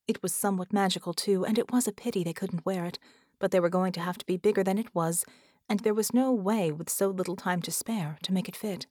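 A woman's voice: mid-range voice, fairly even intonation, brisk, a little mellow, no echo, clean studio sound. Woman reading a story aloud. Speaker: audiobook reader. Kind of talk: scripted narration.

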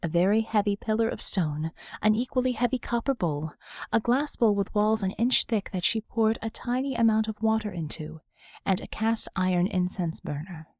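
A woman narrating a novel as an audiobook in a steady, measured storytelling voice. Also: medium pitch, no echo, clean studio sound. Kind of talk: scripted narration.

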